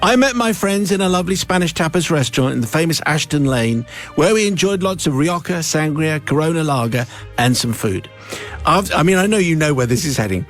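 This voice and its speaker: A male radio host with a fairly high voice reads a listener's letter aloud, brisk and expressive, with playful, theatrical amusement. Faint music runs beneath his studio mic.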